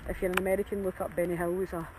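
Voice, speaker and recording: Speaking very fast in a fairly low, level voice, a dog-walking vlogger chats to the camera amid noisy surroundings. She's out in an open field in cold rain, worn down, self-mocking and frequently laughing.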